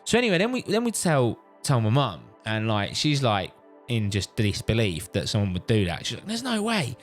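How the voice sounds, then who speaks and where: British dad vlogger, lower voice, chatty and animated, lots of swearing and restarts. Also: male voice, normal speed. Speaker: vlogger, father. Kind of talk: casual storytelling. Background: faint background music.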